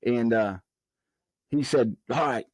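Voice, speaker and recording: Animated man telling a war story. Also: mid-range voice, slow, dry recording. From Southern United States. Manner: animated storyteller, acts out quoted dialogue. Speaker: guest, former prison officer. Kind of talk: storytelling in a podcast interview.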